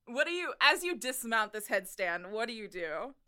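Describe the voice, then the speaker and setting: A woman game master narrating a tabletop scene in an easy, casual way, swearing freely. Her voice is bright and very clear, pitched a little high. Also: very animated, normal speed.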